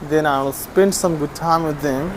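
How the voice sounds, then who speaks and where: A person narrating a casual video while feeding stray dogs outdoors, talking to the dogs affectionately and calling out their names in high, coaxing calls. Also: normal speed, background noise. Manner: rises to high calls when summoning dogs.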